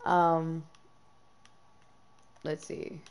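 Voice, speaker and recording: A young woman streaming a life-sim game, chatting casually with lots of ums and quick bursts of dismay. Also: sits low, little pitch movement. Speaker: gameplay streamer. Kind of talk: casual gameplay commentary.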